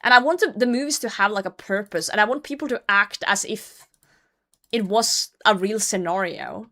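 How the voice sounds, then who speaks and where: A woman's voice: mid-range voice, moderate pace, pushed and bright. Woman streaming, rambly and ranty, chatting to chat while gaming, kinda sweary. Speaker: livestream host.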